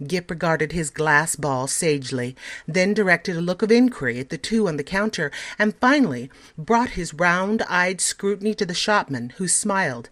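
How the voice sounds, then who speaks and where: A woman teacher reading a story aloud in an expressive, measured way. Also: lowish voice.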